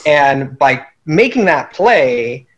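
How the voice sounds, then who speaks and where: A man's voice: on the high side, big pitch swings, slow pace, a bit bright, low-quality recording. A man casually recapping a strategy game he played, telling it animatedly and laughing at his own schemes.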